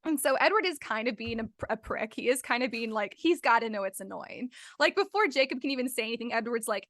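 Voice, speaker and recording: Bright-voiced young woman chatting. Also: a little high, dry recording, studio quality. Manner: animated, quoting characters in quick asides. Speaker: book club podcast host. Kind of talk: casual chat recapping a novel.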